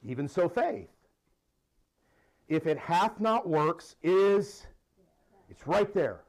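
A middle-aged male pastor preaching a sermon, animated and laughing now and then as he reads and explains scripture. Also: sits high, slow.

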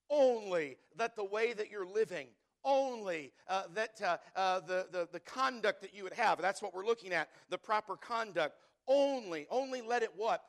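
A man's voice: high-pitched, a bit bright. A male pastor preaching a sermon, emphatic and repeating key words for stress, calling on the congregation to answer back.

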